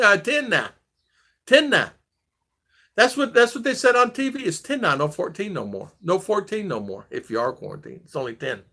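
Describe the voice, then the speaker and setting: In a casual vlog chat, a man in his sixties from the United States spins rambling stories, often restarting and trailing off. His voice sits high and sounds bright and forceful.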